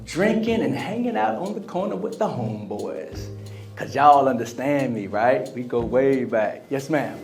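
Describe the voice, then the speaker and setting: A man's voice: medium pitch, animated, a little slow, darkish tone, soft background music. A man giving a conference speech on emotional wellness, drawing the audience in with questions and acted-out quotes. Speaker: motivational speaker. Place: large convention center hall.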